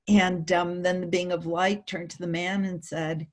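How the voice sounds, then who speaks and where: A middle-aged woman telling a personal story in an interview, animated and emotional, acting out the voices of the people in it. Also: fairly low pitch, normal speed, hardly any pauses. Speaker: guest speaker.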